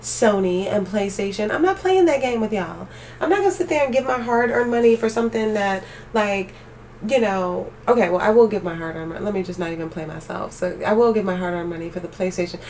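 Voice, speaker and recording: A young woman live streaming, chatting casually with her viewers and ranting with animated energy. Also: medium pitch, moderate pace, recorded from a distance, slight background noise. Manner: animated ranting, talks straight to chat.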